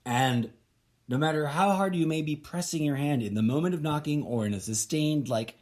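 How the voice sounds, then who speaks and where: A man's voice: on the high side, moderate pace, darkish tone. A man hosting his own podcast, thinking aloud in a casual, rambling monologue that is full of restarts and loose asides. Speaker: podcast host.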